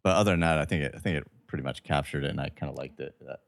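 Podcast co-host, man from Delco, deep voice, dry close mic, easygoing. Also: racing, gravelly, dry recording. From Delaware County, Pennsylvania. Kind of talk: casual chat.

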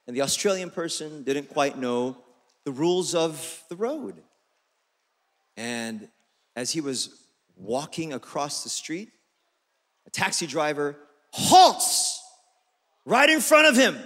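High, bright-voiced pastor with joking delivery. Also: male voice, sing-song, unhurried, long pauses. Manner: playful, joking storyteller. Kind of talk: sermon. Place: church auditorium. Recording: long reverb of a church hall.

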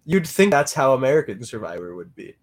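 A man's voice: medium pitch, big pitch swings, fairly quick, no room sound. Joking male podcast guest. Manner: joking, playful. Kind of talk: casual chat.

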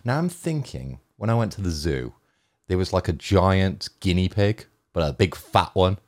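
A man with a very deep voice that swoops widely up and down. He talks in a playful, teasing way on a gaming podcast. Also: animated, moderate pace. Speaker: podcast co-host. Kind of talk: casual gaming podcast chat.

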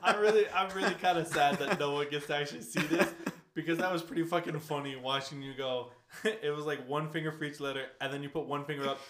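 A man's voice: a little high, steady tone, fast, fairly bright tone, roomy sound, slight background noise. A man hosting a casual podcast chat, rambling loosely, swearing and laughing often. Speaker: podcast host.

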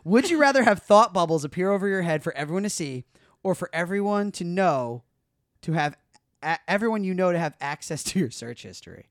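This podcast co-host's voice sits fairly low and moves fairly quickly, captured in a studio with no room sound. Chatting casually, she tells an animated story, voicing her friends' lines and cursing without hesitation.

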